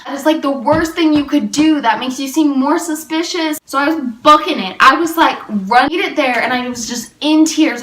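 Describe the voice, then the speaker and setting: A woman's voice: high-pitched, a bit bright. Young woman rambling through a story. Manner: rambling, filler-heavy storytelling. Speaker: vlogger. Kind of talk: storytime vlog. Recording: roomy and a little distant.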